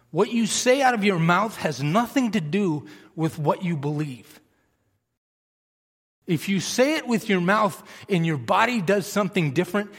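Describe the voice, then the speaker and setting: Man, sermon, high voice, passionate, emphatic, reverberant hall. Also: slightly rough. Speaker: preacher.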